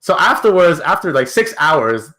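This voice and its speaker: A man's voice: a little high, big pitch swings, moderate pace, bright, forceful tone. A young man, a podcast guest, telling a story in casual, slangy talk with lots of restarts.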